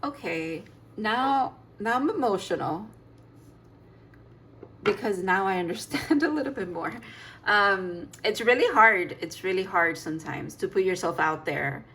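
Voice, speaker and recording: A woman's voice: medium pitch, expressive, unhurried, a bit bright, slight background noise. A woman giving a casual tarot reading, chatty and emphatic, laughing and sighing as she talks. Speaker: tarot reader.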